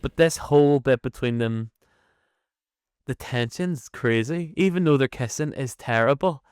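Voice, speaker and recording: Male podcast co-host, smooth close-miked voice, swears and laughs a lot. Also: medium pitch, unhurried, dry recording. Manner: animated, swears freely, laughs often. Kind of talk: casual chat.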